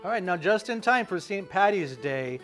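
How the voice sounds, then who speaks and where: A man's voice: high-pitched, animated, a bit bright, soft background music. A man hosting a casual talk show, chatting loosely with guests and breaking for segments. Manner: loose, halting, with restarts and laughs.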